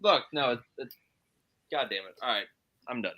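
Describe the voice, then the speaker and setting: A man in casual podcast chat, animated and emphatic, giving playful rants. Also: medium pitch, moderate pace, lo-fi sound.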